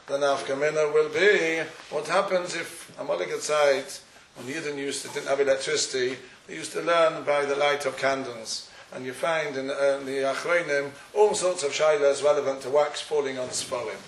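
A man lectures on a Talmudic topic in a questioning, back-and-forth cadence. His voice sits somewhat high. He is heard from a distance in a roomy, echoing space. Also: steady tone, moderate pace, a bit bright, slight background noise. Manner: questioning, argumentative study-hall cadence. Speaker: Torah teacher. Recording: echoey room, far from the mic.

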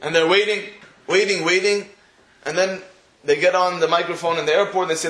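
A man's voice: sits high, fairly even intonation, fairly quick, fairly bright tone, echoey room. A man giving a sermon, telling a story and acting out the dialogue in it. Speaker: rabbi giving a talk.

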